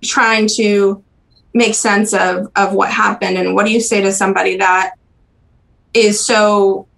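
A young woman speaking as a podcast interview guest, recalling personal memories in a halting, soft-spoken way with frequent pauses and restarts. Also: mid-range voice, little pitch movement, vocal fry, poor audio. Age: young adult.

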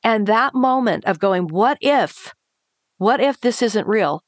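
A woman's voice: fairly high pitch, lively intonation, takes it slowly, no echo. Woman telling her story in an interview, earnest and emotional, dry close sound. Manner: earnest, emotional retelling with quoted inner thoughts. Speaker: interview guest.

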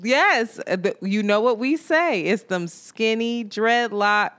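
Animated woman telling a dating story. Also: fairly high pitch, takes it slowly. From New York. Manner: animated, laughing storyteller, quotes people in voices. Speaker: podcast co-host. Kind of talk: casual chat, storytelling.

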